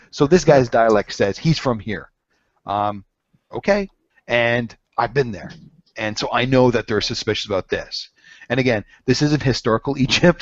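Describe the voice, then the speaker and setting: A man's voice: mid-range voice, no echo, lo-fi sound. A man running a tabletop game as game master, explaining and chatting, joking and laughing often.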